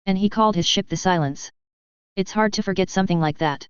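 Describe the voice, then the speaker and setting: A woman's voice: medium pitch, fairly quick, clean tone, dry recording, close to an everyday voice. A woman voicing an earnest, wry young male lord who speaks dryly, on a dull lo-fi recording. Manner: dry, earnest.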